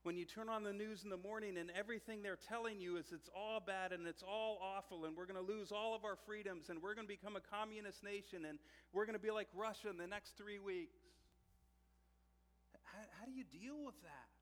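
A man's voice: sits high, a little fast, a bit bright. A man preaching a sermon as pastor, telling a personal story in a conversational way, often repeating and restarting words. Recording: long hall reverb.

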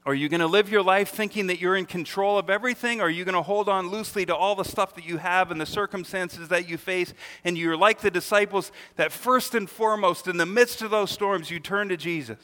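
Bright-voiced preacher man in a reverberant hall. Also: high-pitched, fairly quick, few pauses. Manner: emphatic preaching with rhetorical questions and acted-out quotes. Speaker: pastor. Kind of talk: sermon.

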